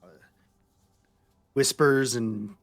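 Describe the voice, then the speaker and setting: A man voice director chatting casually in a roundtable, playful and quick to slip into joke accents. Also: medium pitch, fairly even intonation, creaky.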